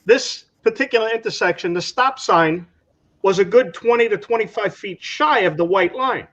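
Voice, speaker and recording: A man's voice: high voice, moderate pace, a bit bright, dull audio. A man in casual chat, mostly giving short replies and now and then a brief story. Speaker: guest on live chat.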